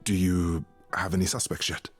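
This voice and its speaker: An actor playing a gentle, grieving male god of love in a video game, speaking softly and calmly with a husky voice. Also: deep voice, moderate pace. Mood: calm, consoling. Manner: calm, consoling. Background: faint game music.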